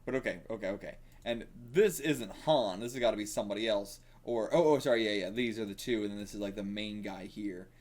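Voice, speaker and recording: A man giving casual reaction commentary while reading manga, excitable and thinking aloud, with frequent swearing. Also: fairly low pitch, a little fast, few pauses.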